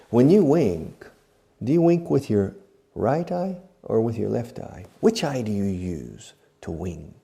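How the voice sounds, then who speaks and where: A man's voice: lowish voice, vocal fry, dark tone. A man teaching English verbs, acting each one out, spelling words and repeating phrases, with asides in Spanish. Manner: switches into Spanish to explain. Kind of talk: slow demonstrative language lesson.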